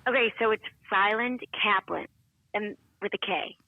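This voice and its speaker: A woman's voice: mid-range voice, normal speed, no echo, narrow, tinny audio. A woman guest, a former assistant, chatting cheerfully and laughing. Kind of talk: casual chat.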